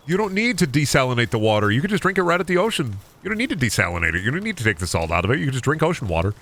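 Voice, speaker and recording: Male streamer, casual gaming chat, lively pitch, bright voice, crude jokes. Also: very fast, creaky, hardly any pauses. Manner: animated, joking, crude.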